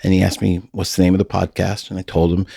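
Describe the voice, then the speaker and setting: A man's voice: low voice, little pitch movement, fast talker, vocal fry, mellow, husky, no room sound, clean studio sound. A middle-aged man hosting a podcast, telling stories in a folksy, casual way and laughing often. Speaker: podcast host.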